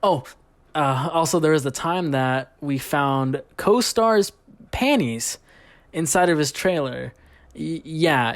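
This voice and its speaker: A young man narrating a comedic story in a profane, rambling, deadpan way. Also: a little high. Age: young adult. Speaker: YouTube storyteller.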